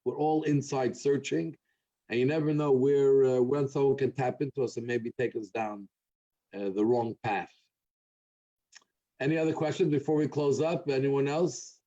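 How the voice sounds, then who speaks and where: Earnest man with mellow, muffled voice. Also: mid-range voice, steady tone. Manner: earnest, halting storytelling with many fillers. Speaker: rabbi. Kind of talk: closing remarks and a told joke at a talk.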